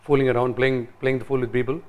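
A man's voice: mid-range voice, level tone, quick pace, a little mellow. A man hosting a casual interview, teasing and joking with his guest. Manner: teasing, jokey. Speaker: interviewer, TV host.

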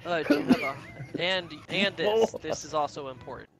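A man's voice: fairly high pitch, expressive, normal speed, creaky. A man from Canada chatting and grumbling casually during a gaming stream. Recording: loud noise on stream audio.

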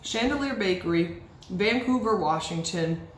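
A woman's voice: mid-range voice, animated, measured pace, a little hiss or hum. A woman chatting enthusiastically while tasting treats for a casual vlog, recorded in a bakery. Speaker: vlogger. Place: bakery, indoors. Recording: echoey room with faint ambience.

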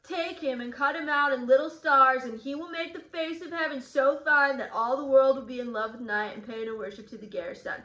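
Distraught lovesick teen girl, a woman doing her, dramatic and shrill, echoey room. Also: fairly quick, hardly any pauses. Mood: pleading. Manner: dramatic, crying and shouting outbursts. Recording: roomy echo.

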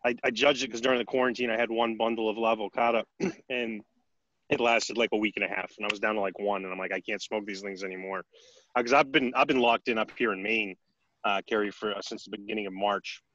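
A man co-hosting a podcast in casual chat, quick and chatty. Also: fairly low pitch, fairly even intonation, a bit bright, dry recording, highs cut off. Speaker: podcast co-host.

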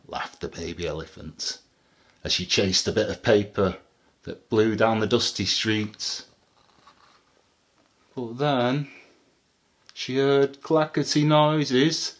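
Children's storyteller, male, unhurried with a lively, swooping delivery, asks the young listeners questions. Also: medium pitch. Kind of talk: picture-book read-aloud.

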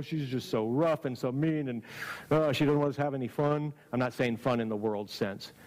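A man's voice: mid-range voice, low-quality recording. Earnest man preaching a sermon. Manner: earnest, exhorting, asks the audience rhetorical questions. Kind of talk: camp-meeting sermon.

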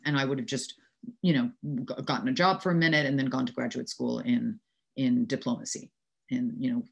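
Low-pitched American woman, 60s, New Yorker; lively storyteller who laughs as she talks. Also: a little fast, creaky, husky, muffled recording. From New York City. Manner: animated anecdotes, frequent laughter. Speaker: actress, interview guest. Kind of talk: casual storytelling interview.

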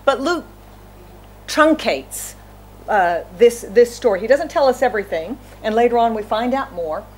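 A woman's voice: fairly high pitch, expressive, moderate pace, a little hiss or hum. A woman pastor preaching an earnest, conversational sermon, often asking the congregation questions.

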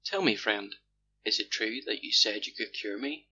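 A man's voice: mid-range voice, a little fast, bright, forceful tone, slight background noise, close to an everyday voice. Male reader voicing an ailing, imperious old fish king; lo-fi sound. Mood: weak. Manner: weak, commanding. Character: sick weak old king of the fishes. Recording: dull lo-fi audiobook recording.

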